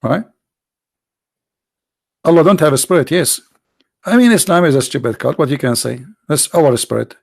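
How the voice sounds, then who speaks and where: Hoarse, gravelly man taunting rivals. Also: a little high, expressive, moderate pace, pauses often, dry recording. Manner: mocking, taunting, full of rhetorical questions. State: hoarse, losing his voice. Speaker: host of a live online debate stream. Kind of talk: combative religious polemic commentary.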